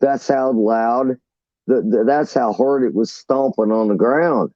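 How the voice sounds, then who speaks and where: A man's voice: medium pitch, measured pace, warm tone, dry recording. A man calling in to a talk show and telling a long, rambling, profane story, tripping over his words as he goes. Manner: rambling, profane, restarts often. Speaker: caller. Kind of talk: casual storytelling on a call-in show. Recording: dull lo-fi line.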